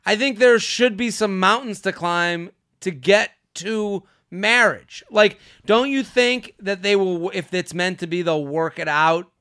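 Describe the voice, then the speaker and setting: A man hosting a podcast in casual chat, animated and joking, swearing freely into a studio mic. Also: high voice, unhurried, few pauses, clean tone, no room sound. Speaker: podcast host.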